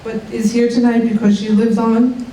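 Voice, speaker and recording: At an evening event in a college dining room, a middle-aged woman who has a cold delivers a heartfelt award acceptance speech. Her fairly high, mellow voice is flat in delivery at a normal pace, and she now and then breaks off to laugh and collect herself. The podium mic is distant, so the room echoes and there's slight background noise.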